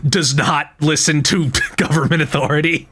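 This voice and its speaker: Bright man with dry jokes. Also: a little high, fairly even intonation, moderate pace. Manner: dry, jokey comparisons. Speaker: podcast co-host. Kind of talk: casual podcast chat about a movie.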